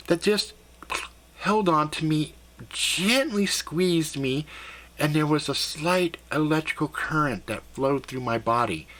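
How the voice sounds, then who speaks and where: A man telling a first-person story in a conversational, animated and slightly profane way. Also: on the high side.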